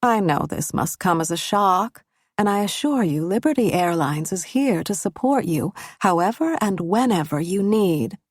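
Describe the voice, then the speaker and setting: A woman's voice: medium pitch, animated, moderate pace, dry recording, studio quality, close to an everyday voice. A woman voicing a female airline representative who speaks in a carefully neutral, businesslike, scripted tone. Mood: formal, neutral.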